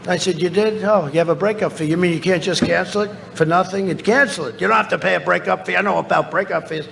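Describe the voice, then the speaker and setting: Man, rally speech, boastful, repetitive, gravelly, high-pitched. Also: fairly quick, fairly bright tone, a little hiss or hum. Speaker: politician speaking at a rally. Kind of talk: rally speech, anecdotes told to a crowd. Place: large rally venue.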